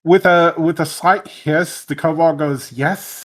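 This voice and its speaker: A man narrating a tabletop game as game master, relaxed with frequent fillers. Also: fairly high pitch, measured pace.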